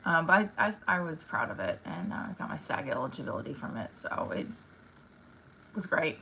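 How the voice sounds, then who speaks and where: Low-voiced woman chatting on a live stream. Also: big pitch swings, normal speed, gravelly, bright, forceful tone, slight background noise, poor audio. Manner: rambling and candid, swears casually, many fillers. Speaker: actress hosting a live stream. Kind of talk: casual live-stream chat.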